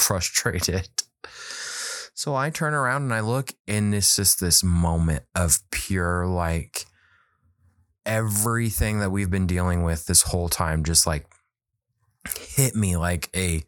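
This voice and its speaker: A man's voice: sits low, slow, no echo, studio quality. A man in his thirties, a children's book author, telling a story in casual conversation and acting out the quoted dialogue. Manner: animated, acts out quoted dialogue.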